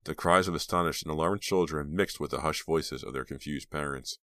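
A man narrating an audiobook in a steady, measured storytelling manner. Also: a bass voice, dry recording, clean studio sound. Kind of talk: scripted narration.

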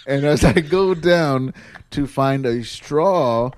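A man's voice: on the high side, slow. A man hosting a casual home podcast, telling a story with lots of laughter and playful voices. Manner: laughing storyteller, mimics his wife. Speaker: podcast host. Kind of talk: casual chat.

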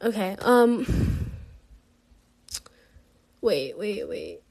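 A woman's voice: medium pitch, expressive, very slow, a little mellow. A young woman casually rambling through a vlog, incredulous and laughing often, with lots of fillers. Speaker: vlogger. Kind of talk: casual unscripted commentary.

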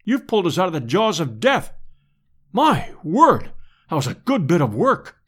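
A man's voice: high-pitched, huge pitch swings, normal speed, a bit bright, slightly rough, heavily acted. A man reading an audiobook and voicing a tired, grumbling elderly professor. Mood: grateful.

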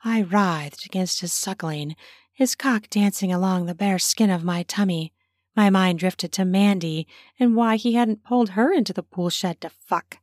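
A woman narrating her own erotic story in a slow, intimate way, slipping into whispers. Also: medium pitch, darkish tone, dry recording, studio quality.

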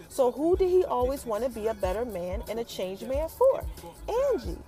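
A woman casually recapping a TV episode for her viewers, chatty and animated, who keeps calling out to them. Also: a little high, normal speed, soft background music.

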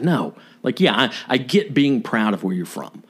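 A man co-hosting a casual podcast chat. He gets worked up and swears freely, and his pitch swings widely as he rants. His voice sits at a middle pitch. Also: very animated, moderate pace, breathy edge. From Southern United States. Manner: heated, profane ranting. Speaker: podcast co-host.

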